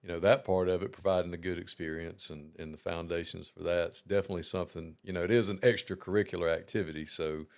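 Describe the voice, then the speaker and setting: Deep, smooth-voiced host. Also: male voice, steady tone, fast talker, hardly any pauses. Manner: easygoing, conversational, many "you know" fillers. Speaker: podcast host interviewing coaches. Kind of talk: casual interview.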